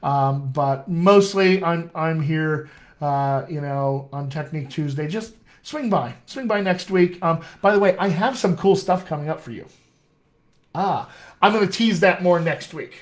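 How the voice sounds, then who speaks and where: Upbeat man coaching acting on a live stream. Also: on the high side. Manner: enthusiastic, direct, addresses viewers as friends; slows down to read verse aloud. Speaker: dialect coach. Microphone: webcam or laptop mic on a live stream.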